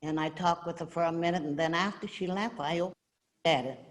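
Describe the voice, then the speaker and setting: A woman's voice: on the low side, fairly quick, long reverb tail. An older woman telling a heartfelt, rambling personal story in a casual way. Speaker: gift recipient sharing a story. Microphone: video call audio.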